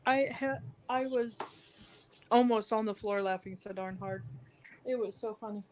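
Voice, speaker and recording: A woman chatting casually with a fellow artist on a live stream, telling stories with quick giggly asides. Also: mid-range voice, darkish tone, a little hiss or hum. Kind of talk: casual chat.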